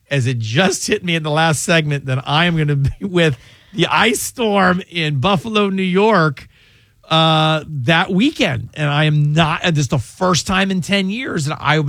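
A chatty man hosting a call-in radio show, his voice pitched a little above most men's. He often trips over his words and gets emotional. The studio sound is close and dry. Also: a bit bright, no room sound. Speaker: radio show host and lawyer.

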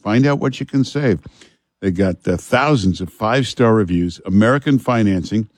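A man hosting a talk radio show, chatting in a relaxed, halting way with many fillers and reading live ads. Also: on the low side, dry recording, studio quality. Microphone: studio microphone.

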